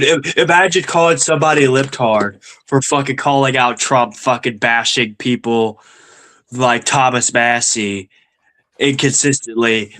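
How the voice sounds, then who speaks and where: A man's voice: mid-range voice, sharp tone. A young man with a nasal voice hosting a stream, ranting angrily about politics and swearing constantly. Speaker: stream host. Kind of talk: profane political rant.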